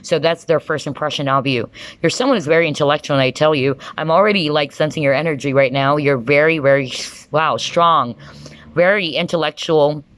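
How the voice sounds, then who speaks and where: A woman's voice: deep voice, no room sound. Woman, tarot reader, enthusiastic, chatty, exclaims often, dry close sound. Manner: enthusiastic, excitable, frequent exclamations; chatty, keeps checking in with the viewer. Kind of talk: pick-a-card tarot reading to camera.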